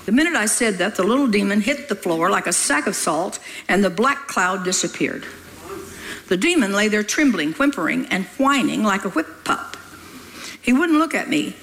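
An older woman preaching a sermon, lively and exclamatory, with playful asides and stories from her family life. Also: mid-range voice, moderate pace, rough recording.

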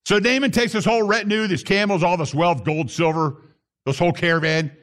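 Male preacher, fairly high-pitched, fervent sermon delivery with shouted peaks. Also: steady tone, a little fast. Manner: impassioned, rising to shouts on key phrases.

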